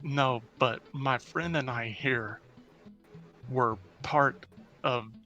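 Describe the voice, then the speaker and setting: A man playing a tabletop game, describing his character's actions in a halting, deliberate way. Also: mid-range voice, steady tone, pushed and bright, soft background music. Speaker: player.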